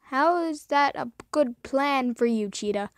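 A woman's voice: high-pitched, unhurried, no room sound, clean studio sound. A young woman commenting on a game she is playing, cursing a lot and breaking into shrieking outbursts. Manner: profane, raging outbursts and shrieks. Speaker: gaming YouTuber. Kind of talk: gameplay commentary.

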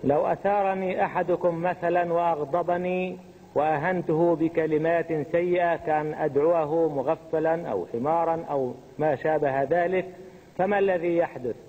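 A man interpreting a religious lecture for an audience, keeping a quick, steady flow behind the speaker. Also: fairly high pitch, slightly rough. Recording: tinny phone-like audio in a long-reverb hall.

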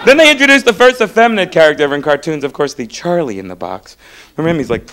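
This fast-talking stand-up comedian from Florida has a high, energetic voice and keeps breaking into shouted impressions during his set. He's performing live on a comedy stage, with the audience laughing and a slight amount of background noise.

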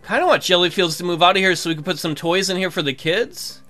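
A man hosting a let's play, giving casual, excitable commentary full of jokes and swearing. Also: high voice, quick pace, soft background music. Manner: excitable and jokey, swears freely.

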